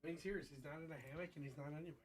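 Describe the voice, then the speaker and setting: A man sitting in on a casual live stream, laid-back and teasing, his voice rough from being sick. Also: fairly high pitch, steady tone, very fast. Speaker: host's partner. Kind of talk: casual chat.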